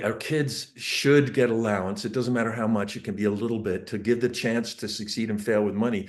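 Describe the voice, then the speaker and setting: A middle-aged man giving a casual, excited talk on parenting, full of asides and quick restarts. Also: on the low side. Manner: enthusiastic, rambling with asides and restarts. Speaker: parenting speaker.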